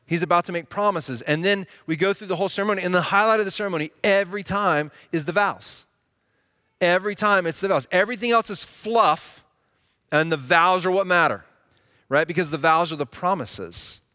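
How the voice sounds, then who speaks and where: Pastor, male, young adult; bright, slightly high voice, dry close sound, talks through his sermon and keeps checking the room is with him. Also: a little fast, no room sound. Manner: conversational, checks in with listeners.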